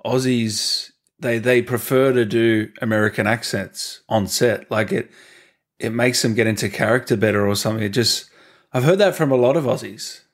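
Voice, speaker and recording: A man's voice: mid-range voice, normal speed. A man hosting a casual interview, easygoing and asking questions with lots of tag questions. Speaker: podcast host.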